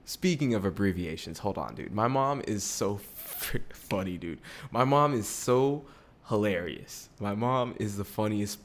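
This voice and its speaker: A man in his twenties hosting a podcast in casual, profane chat. He gets excitable, laughs often and swings between loud bursts and low mutters. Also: measured pace. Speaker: podcast host.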